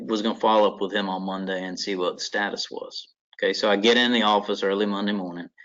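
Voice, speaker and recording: A man's voice: on the low side, bright, forceful tone. Earnest American man telling a story. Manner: earnest, conversational, with frequent restarts. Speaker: construction lawyer and seminar speaker. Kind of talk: personal story in a seminar talk. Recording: dull lo-fi recording.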